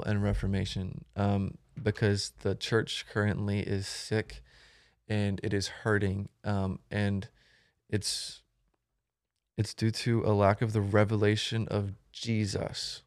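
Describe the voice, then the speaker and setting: Young man, low voice, casual podcast guest, rambling, dry recording. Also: little pitch movement, slow, no echo. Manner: rambling, many ums and restarts. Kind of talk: casual conversation.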